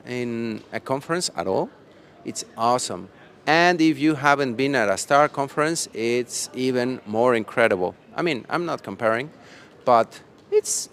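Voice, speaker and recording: A man's voice: medium pitch, a bit bright. A man hosting a live stream from a conference, chatting playfully and rambling, a little tired. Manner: playful, rambling, laughs often. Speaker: livestream host. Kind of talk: casual live stream chat. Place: conference hall after the event.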